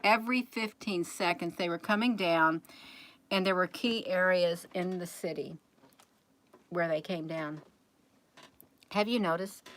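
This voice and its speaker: A woman's voice: on the low side, unhurried, long pauses, fairly bright tone. A woman hosting a casual livestream, rambling and chatty as she keeps talking straight to her viewers.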